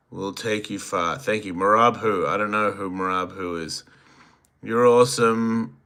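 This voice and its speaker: Australian male livestream host, 50s, slow unhurried delivery, crude joking banter, bright voice. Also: lowish voice. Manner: laid-back, crude, joking, reads viewer comments aloud. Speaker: host reading live chat. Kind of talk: casual livestream chat.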